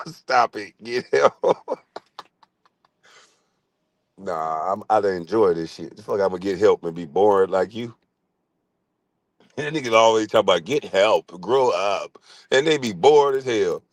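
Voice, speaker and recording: A middle-aged man streaming a profane comic rant, crude, loud and laughing often. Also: lowish voice, expressive, measured pace, long pauses, no echo.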